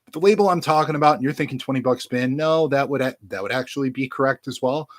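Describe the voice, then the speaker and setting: A man's voice: medium pitch, fast. A man casually showing off his vinyl records to camera, rambling and joking crudely as he talks straight to his viewers through a webcam. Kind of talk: casual unboxing chat to camera.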